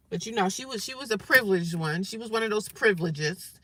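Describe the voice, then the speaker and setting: A woman's voice: lowish voice, expressive, brisk, pushed and bright, no echo. A woman from New Jersey telling a blunt, profane story about a rude customer, laughing often and mimicking callers in exaggerated voices. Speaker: vlogger. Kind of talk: casual storytelling rant.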